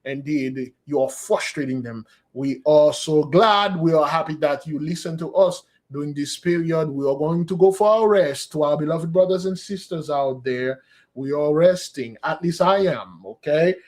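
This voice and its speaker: Guy preaching to his flock, kinda higher voice, earnest, keeps saying beloved. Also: moderate pace, darkish tone. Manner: earnest, exhorting, calls listeners beloved. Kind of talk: sermon and spoken prayer.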